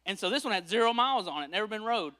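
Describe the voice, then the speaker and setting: A pastor with a high voice preaches a sermon at a rapid-fire pace. He tells the story animatedly and acts out the voices of the people in it.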